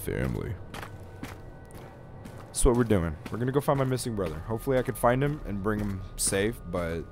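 A man's voice: lowish voice, expressive, quick pace, a little mellow, faint music behind. A young man chatting and joking through a horror game for his viewers, swearing now and then. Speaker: gaming youtuber. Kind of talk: let's play commentary.

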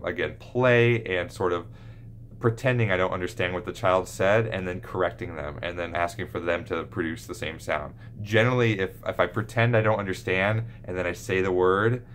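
A man's voice: sits low, fairly bright tone, a little hiss or hum. A man, a pediatric speech therapist, explaining and demonstrating speech sounds to camera. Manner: demonstrates sounds and lisps with exaggerated examples. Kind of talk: instructional talk to camera.

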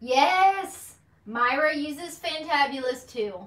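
A woman's voice: high voice, lively intonation, unhurried, a bit bright, distant mic. A woman hosting a casual live-stream vlog, chatting in a bubbly, talkative way and addressing viewers as "y'all.". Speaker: beauty vlogger host. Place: indoor room at home. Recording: echoey room, voice off-mic, faint hiss.

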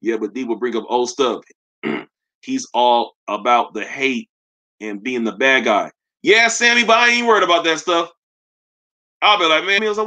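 A man's voice: mid-range voice, very animated, moderate pace, pushed and bright. A young man hosting a live sneaker stream, chatting loosely and roasting viewers in slangy, joking talk. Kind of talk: casual live-stream chat reading comments.

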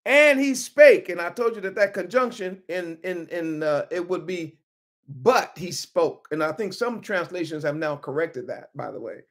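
A woman's voice: lowish voice, animated, normal speed, few pauses. A woman teaching from the Bible in an informal sermon style, emphatic, repeating key words and calling on listeners by name.

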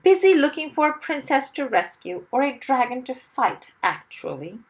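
A woman's voice: on the high side, very animated, takes it slowly, fairly bright tone, pitched above the performer's own voice, heavily acted. Mr. Wumble, a woman doing a blustering little man. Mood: cross. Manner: cross, blustering, self-important. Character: small timid man turned blustering adventurer.

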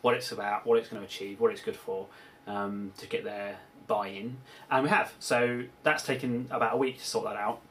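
A man's voice: lowish voice, fairly even intonation, normal speed, a bit bright. A British man giving a casual video diary as a film producer, rambling with many ums and restarts. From United Kingdom. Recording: distant mic with faint background hiss.

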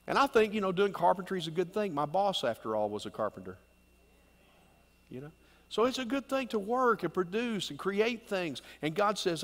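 A middle-aged man preaching in a church, his voice pitched fairly high. He speaks in a folksy, conversational way and keeps asking the congregation questions. A long reverb trails each phrase through the sanctuary. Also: sing-song, normal speed, a bit bright. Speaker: pastor. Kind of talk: sermon.

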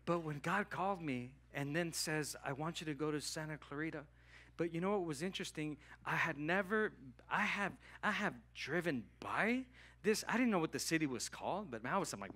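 A man pastor delivering a sermon in a church, telling a personal story and acting out conversations with God in an animated way. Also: a little high, a little fast. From Southern California. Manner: animated, acts out dialogue with God. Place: church hall.

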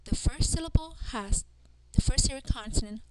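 A woman teaching a language lesson, carefully sounding out letters and words one at a time. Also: high voice. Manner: careful, deliberate pronunciation of drilled sounds. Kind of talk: slow instructional language lesson. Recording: noticeable background noise.

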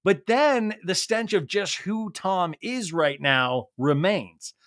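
A man's voice: sits high, lively intonation, takes it slowly, a bit bright, dry recording, studio quality. A man hosting a comedic TV recap podcast, talking in a sarcastic, riffing way. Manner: sarcastic, riffing, jumps into silly impressions. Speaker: podcast host.

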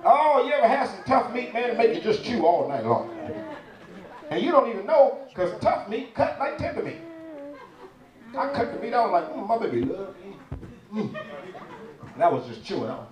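A man doing stand-up comedy, his voice swinging widely in pitch as he tells a playful story. He is miked from some distance in a roomy space, and a crowd laughs loudly around him. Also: big pitch swings, moderate pace, long pauses. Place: church event stage before a live audience.

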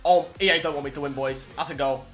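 A young man giving excitable live commentary over his own gameplay, swearing and shouting at the game. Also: on the high side, quick pace, faint music behind. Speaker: gaming YouTuber.

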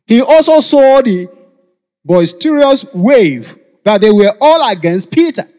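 A man with a Nigerian accent preaching a sermon to a congregation, calling for responses and shouting. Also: very high-pitched, sing-song, measured pace. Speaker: pastor. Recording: long hall reverb.

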